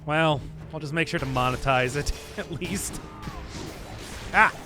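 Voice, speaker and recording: With music playing in the background, a man whose voice sits on the high side talks at a measured pace while streaming a game. His casual commentary rambles, turns self-mocking, and he laughs at his own jokes.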